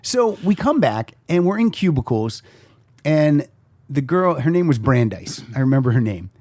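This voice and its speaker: A male podcast host spinning casual anecdotes and acting out each person in them. His voice sits a little high and leaps around with expression. The sound is dry and close to the mic. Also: very animated, normal speed, a little mellow, dry recording. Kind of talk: casual storytelling chat.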